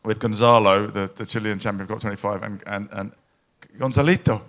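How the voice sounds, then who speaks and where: A man giving an emotional, anecdotal speech at a live event in a pavilion, full of restarts and halting asides. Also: lowish voice, steady tone, a bit bright. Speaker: panel speaker at a climate event.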